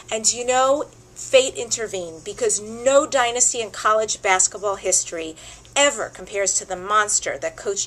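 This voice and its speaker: Expressive woman telling a tribute story. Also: medium pitch, a little hiss or hum, rough recording. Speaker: host.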